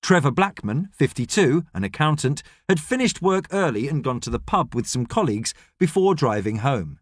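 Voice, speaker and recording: A man narrating an audiobook with an expressive storytelling delivery. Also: medium pitch, normal speed, no room sound. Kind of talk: scripted narration. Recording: dry studio sound.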